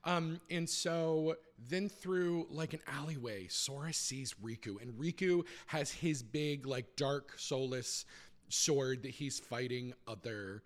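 A man hosting a podcast, recapping and reviewing in an animated, gushing way with lots of fillers. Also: mid-range voice, slow. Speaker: podcast host.

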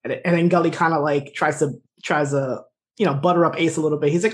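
Fast-talking man recapping a show. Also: on the high side. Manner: quick, animated retelling with fillers and laughs. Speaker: podcast co-host recapping a TV episode. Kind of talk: casual chat.

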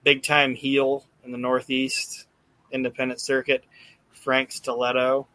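A man hosting a podcast, retelling events in an animated, casual way and acting out quotes, swearing freely. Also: medium pitch, unhurried, no echo. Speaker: podcast host recapping wrestling. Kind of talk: casual chat.

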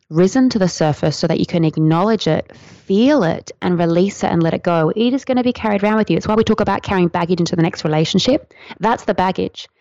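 A woman talking as a podcast guest, explaining tantra in a flowing, earnest, gently instructive way. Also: mid-range voice, no room sound. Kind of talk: podcast interview answer. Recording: dry, dull lo-fi sound.

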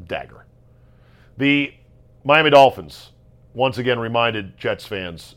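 A man hosting a solo sports talk show, ranting sarcastically about football results and jumping between loud outbursts and low muttering. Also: animated, slow pace, long pauses. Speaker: sports podcast host. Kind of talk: casual solo sports commentary.

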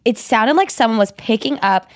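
A young woman co-hosting a podcast, telling a story in lively casual chat and acting out quotes with squeals. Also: a little high, normal speed, no echo, clean studio sound. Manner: animated, acts out quotes in a squealing voice. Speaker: podcast co-host.

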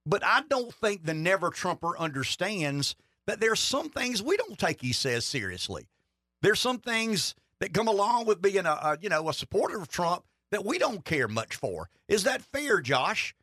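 Folksy, lively-voiced man talking politics. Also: sits high, moderate pace, no room sound, studio quality. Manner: folksy, emphatic, rambling asides. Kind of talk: casual political talk.

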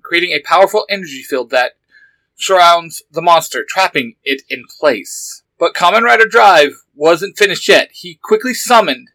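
A man's voice: high-pitched, sharp tone, dry recording, poor audio. A man reading a superhero fan story aloud with eager narration.

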